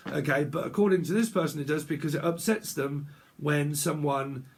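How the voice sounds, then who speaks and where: A man's voice: a little high, moderate pace. A man giving a casual tarot reading, rambling bluntly and swearing freely. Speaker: tarot reader.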